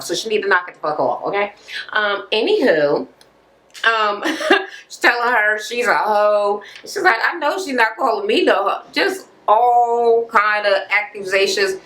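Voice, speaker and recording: A woman's voice: mid-range voice, a bit bright, low-quality recording. A woman vlogger recapping a reality TV episode in casual, blunt, profane talk, full of fillers and asides.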